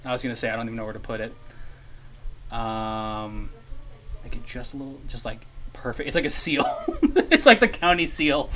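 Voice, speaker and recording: A man's voice: mid-range voice, a bit bright. A man hosting a live stream, chatting casually and rambling, laughing often and dropping into murmurs and whispers. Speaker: streamer host.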